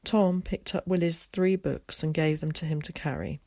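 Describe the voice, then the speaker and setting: An audiobook narrator reading scripted narration in a measured, even way at a middling pitch. The sound is dry and close, with no room around the voice. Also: dry recording.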